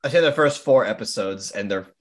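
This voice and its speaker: A man's voice: fairly low pitch, expressive, a little fast. A man chatting casually on a podcast, easygoing, with casual slang.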